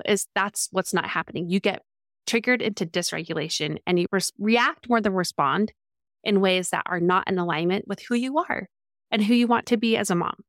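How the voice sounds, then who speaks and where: Middle-aged female coach, mid-pitched, calm and reflective, dry close sound. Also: dry recording. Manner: calm, reflective, frequent affirming murmurs. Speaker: parenting coach. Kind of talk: coaching conversation.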